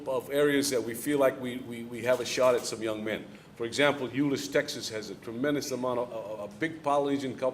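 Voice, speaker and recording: A middle-aged head football coach answers audience questions at a club luncheon, his mid-range voice a little mellow, with slight background noise. He talks plainly in a coaching-talk rhythm, repeating key lines for emphasis, before a live audience in an event hall.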